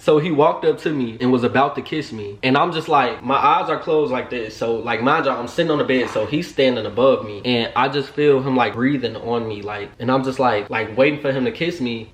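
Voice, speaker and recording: A young man in his twenties telling a personal story on his vlog, animated and slangy, acting out both sides and dropping to a hush for asides. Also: mid-range voice, brisk, hardly any pauses, reverberant, slight background noise. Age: 20s. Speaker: vlogger.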